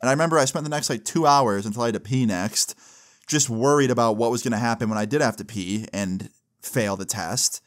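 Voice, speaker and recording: A young man with a medium-pitched voice tells a personal story at a brisk clip. His telling is loose and profane, peppered with "like" and tag questions of "right?"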